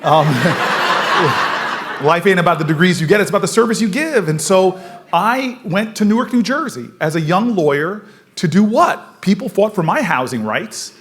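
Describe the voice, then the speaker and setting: A man in his forties from the United States giving an energetic storytelling speech at a forum, laughing often as he moves around the room. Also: high-pitched, moderate pace. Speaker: political speaker at a forum.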